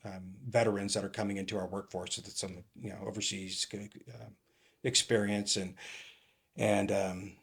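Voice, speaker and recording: Middle-aged ex-cop guest, lowish voice, halting rambling anecdotes with lots of fillers. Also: male voice, level tone, a bit bright, husky. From California. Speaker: retired police captain, podcast guest. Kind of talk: casual interview storytelling.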